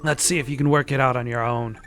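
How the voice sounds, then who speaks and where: A man's voice: mid-range voice, steady tone, quick pace, a bit bright, soft background music, natural voice. A man putting on a curt caretaker with a bad Australian accent. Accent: exaggerated bad Australian accent. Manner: curt, dismissive. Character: grumpy unhelpful male caretaker.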